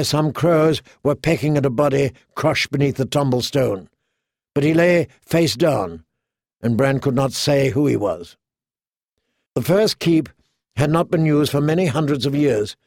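A man narrating a fantasy novel in a measured storytelling manner. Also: on the high side, darkish tone, no room sound, clean studio sound. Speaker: audiobook narrator.

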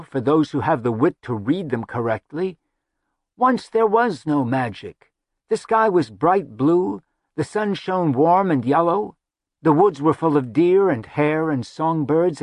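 Man doing a brooding sardonic woman, raised pitch, slow and dramatic, dry close sound. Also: no room sound. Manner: brooding, mocking, drawn-out. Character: dark-spoken sardonic woman, lore-teller.

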